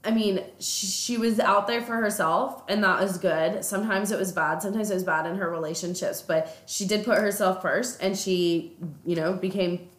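A woman's voice: medium pitch, moderate pace, few pauses. A woman co-hosting a podcast, chatting casually about a book and retelling its plot at length. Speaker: podcast co-host. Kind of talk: casual book-club chat. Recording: echoey room.

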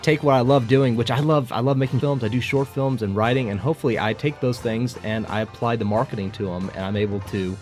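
A young college student from Oklahoma with a Southern accent, chatting casually as a guest and laughing often. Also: male voice, mid-range voice, quick pace, few pauses, faint music behind. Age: young adult. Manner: laughs often, lively and eager. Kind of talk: casual chat.

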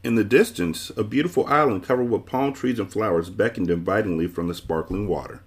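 A man hosting a book club podcast, reading a children's book aloud with expressive storytelling. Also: fairly low pitch, a little fast. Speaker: book club host and reader.

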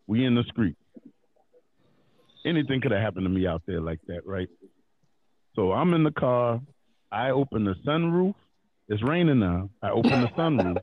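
A man's voice: medium pitch, dry recording, narrow, tinny audio. A man casually telling a long, profane, slang-filled story on a podcast.

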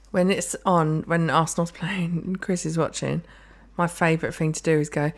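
Ranting, sweary woman, lowish voice. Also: steady tone, normal speed, hardly any pauses. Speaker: podcast co-host. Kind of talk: casual chat.

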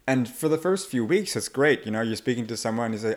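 Animated male accent coach. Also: mid-range voice, fast, hardly any pauses. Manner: animated, acts out quoted voices. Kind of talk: casual interview talk.

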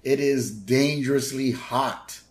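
A man's voice: fairly even intonation, slow. A man co-hosting a podcast, casually recapping a cartoon episode and briefly mimicking its characters. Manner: retells scenes, briefly mimicking characters in higher voices. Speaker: podcast co-host.

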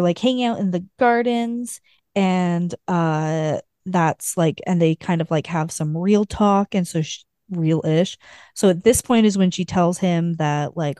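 A woman co-host rambles through a casual book recap, peppering her retelling with filler words. Her voice sits a little low and sounds mellow and relaxed. The recording is close and dry, with no room sound. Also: a little slow, no echo. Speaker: podcast co-host.

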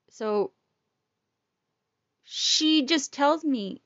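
Woman, casual storytelling, blunt and profane, high voice, very lively pitch, dry close sound. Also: slow, long pauses, dry recording, muffled recording.

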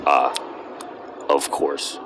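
A young man with a very low, deep voice and a Pittsburgh accent, chatting casually as a podcast guest. He jokes bluntly and ribs his friend. A faint hiss sits under his voice. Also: completely flat delivery, very slow. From Pittsburgh, Pennsylvania. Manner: joking, blunt. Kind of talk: casual chat.

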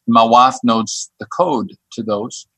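A man who works on a church staff tells a personal story as a guest. He talks haltingly, repeating words and restarting his sentences. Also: mid-range voice, steady tone, a bit bright, no room sound. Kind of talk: telling a personal story on a podcast.

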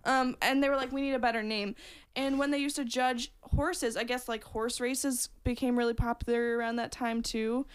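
A woman's voice: on the high side, fairly even intonation, normal speed, clean tone. A woman co-hosting a podcast, telling a rambling story in casual chat with lots of fillers. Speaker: podcast co-host.

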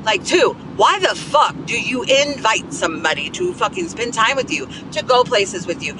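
A woman's voice: medium pitch, sing-song, normal speed, few pauses, background noise. A woman hosting her podcast alone, venting bluntly and swearing constantly. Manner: profane, blunt, ranting. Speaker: podcast host. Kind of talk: angry solo venting.

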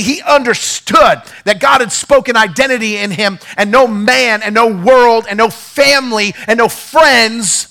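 Pastor guy preaching, high bright voice, gets into the story. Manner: animated, acts out quoted voices; drops to a quiet, low storytelling tone. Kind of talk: sermon.

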